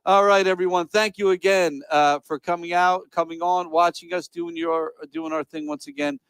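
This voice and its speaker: A man's voice: on the high side, fairly even intonation, moderate pace, a bit bright, clean tone, no room sound, low-quality recording. Laughing, profane man hosting a show. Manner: loose and profane, laughs often. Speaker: host. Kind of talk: casual chat and show promos.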